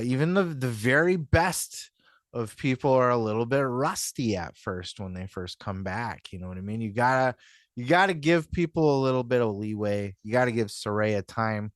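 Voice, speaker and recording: A man's voice: medium pitch, no room sound, studio quality. A man hosting a podcast, talking in a rambling, casual commentary style with lots of "you know what I mean" and some swearing. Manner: acts out quotes in mock voices. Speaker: podcast host.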